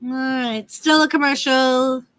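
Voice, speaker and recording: Woman livestream host, unhurried casual wrestling chat. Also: high-pitched, steady tone, a bit bright. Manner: chatty, greets viewers by name, talks to pets.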